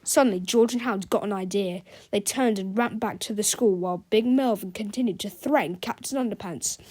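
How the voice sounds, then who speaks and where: A woman's voice: mid-range voice, brisk. Woman reading a kids' book aloud. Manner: lively, expressive reading. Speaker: children's book reader. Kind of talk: read-aloud storytelling.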